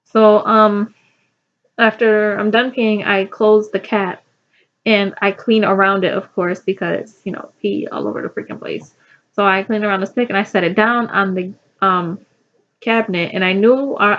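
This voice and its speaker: A woman's voice: mid-range voice, dull audio. A young woman telling a personal story in casual chat, rambling with fillers and restarts.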